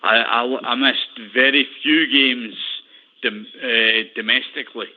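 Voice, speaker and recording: Scottish caller on a tinny phone line. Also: male voice, mid-range voice, steady tone, unhurried. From Scotland. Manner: chatty, repeats himself, laughs easily. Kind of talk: phone-in chat.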